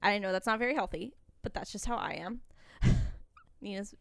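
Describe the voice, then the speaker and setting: A woman's voice: medium pitch, normal speed, gravelly, dry recording. A young woman co-hosting a podcast, talking candidly and rambling a little, with frequent laughs. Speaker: podcast co-host. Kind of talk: casual chat.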